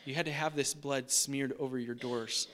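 A man's voice: medium pitch, steady tone, moderate pace, fairly bright tone. A man preaching a sermon in a casual, chatty way, often asking "right?". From United States. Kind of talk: conversational sermon.

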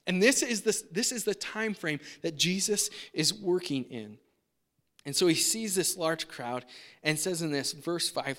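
A man's voice: a little high, expressive, moderate pace, a bit bright. A man preaching a sermon in a casual, chatty way, often asking "right?". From United States. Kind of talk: conversational sermon.

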